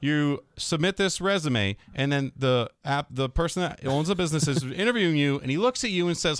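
A man with a smooth, slightly high voice tells classroom stories in relaxed podcast banter. He jumps into his students' voices as he goes. The recording is dry and close. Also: fairly quick, hardly any pauses, dry recording. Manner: animated storyteller, acts out students' voices. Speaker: middle school teacher, guest. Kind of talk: casual podcast storytelling.

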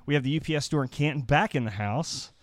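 A man hosting a podcast in casual chat, reading sponsor spots in an easygoing, halting way into a studio mic. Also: medium pitch, no room sound. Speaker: podcast host.

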